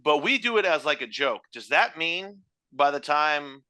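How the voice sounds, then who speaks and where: A man's voice: fairly high pitch, lively intonation, normal speed, bright, forceful tone, no room sound. A man in his thirties co-hosting a podcast in casual chat, joking and laughing often at his own puns. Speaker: podcast co-host.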